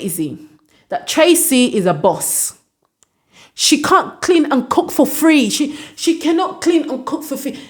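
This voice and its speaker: Woman, slightly high voice, casual recap, exasperated scolding. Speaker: vlogger reviewing a reality show.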